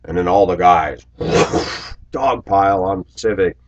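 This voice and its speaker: Low-voiced man in his forties rambling. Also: a little slow, muffled recording. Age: 40s. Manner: rambling storytelling, acts out quotes loudly. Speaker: video blogger. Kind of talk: casual monologue to camera.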